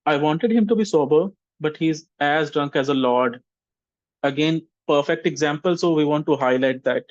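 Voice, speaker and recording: In this online vocabulary lesson, a man with a somewhat high voice for his gender models English intonation, pronouncing example sentences at a slow, careful pace for learners to copy. The sound is dry, a bit dull, and has no echo.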